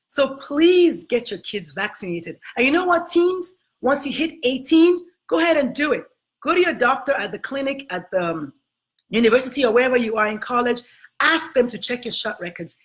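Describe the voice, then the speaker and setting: A woman's voice: high-pitched, animated, normal speed. A woman doctor with an accent hosting a live health stream, talking to viewers in an emphatic, motherly way and calling them honey and baby. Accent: non-American accent.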